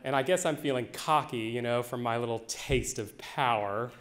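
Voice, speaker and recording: A man telling a funny personal story live on stage, wry and animated. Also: medium pitch. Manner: wry, animated, slow-building. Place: theater stage. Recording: echoey live venue.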